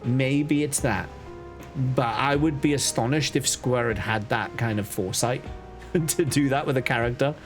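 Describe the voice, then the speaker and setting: A man with a faded Liverpool accent streams a game in casual, mid-pitched commentary. He thinks aloud and often restarts his sentences. Faint game music plays underneath. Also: normal speed. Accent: softened Liverpool. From Liverpool, England.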